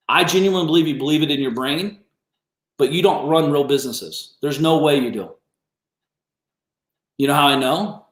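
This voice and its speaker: A man hosting a business coaching livestream, ranting bluntly and confrontationally with lots of swearing. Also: mid-range voice. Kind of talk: livestream rant. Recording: roomy echo.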